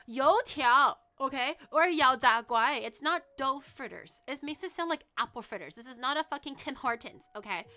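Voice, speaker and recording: Excitable woman streamer, bright and clear. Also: a little high. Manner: excitable, swears freely, rambling asides. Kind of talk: casual livestream chat.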